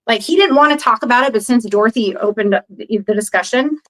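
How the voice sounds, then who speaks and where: Over a low-quality recording, a podcast guest with a fairly high voice speaks quickly, telling a story casually with many fillers. She animatedly performs the lines of the people she quotes.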